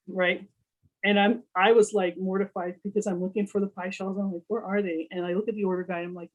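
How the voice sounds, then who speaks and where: A woman's voice: medium pitch, low-quality recording. A woman who works in food, casually telling a story about her work, acting out the people she quotes and filling her talk with "you know.". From Texas. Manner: animated, acts out quoted dialogue, many "you know" fillers. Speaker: culinary professional, panel speaker.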